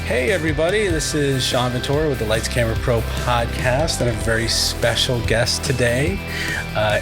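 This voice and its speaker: A man from Massachusetts hosting a podcast, talking casually and rambling, often correcting himself mid-sentence. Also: fairly low pitch. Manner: chatty, rambling, self-correcting. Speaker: podcast host. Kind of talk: casual chat.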